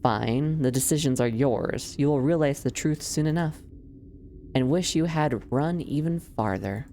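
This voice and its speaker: A woman putting on a smug, cryptic ominous voice in a game. It speaks in formal, haughty, taunting tones, pitched a little above the performer's own very low register. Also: a little slow, dark tone, a little hiss or hum.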